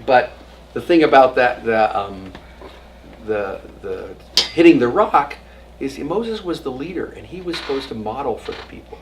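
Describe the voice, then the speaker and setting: A man teaching an adult class as rabbi, telling stories and jokes and acting out quotes, sometimes dropping to a whisper. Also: mid-range voice. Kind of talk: informal adult education lecture. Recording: distant mic with audible room noise.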